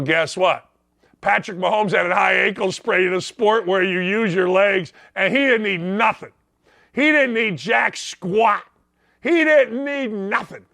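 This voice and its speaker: A middle-aged man hosting a sports show, ranting in a loud, blunt, sarcastic way. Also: sits high, no room sound, studio quality.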